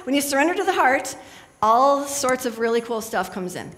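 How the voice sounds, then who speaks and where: A woman's voice: fairly high pitch, very animated, normal speed, a bit bright, in a large hall. A middle-aged woman speaking as a spiritual speaker to a live audience in a chatty, storytelling manner.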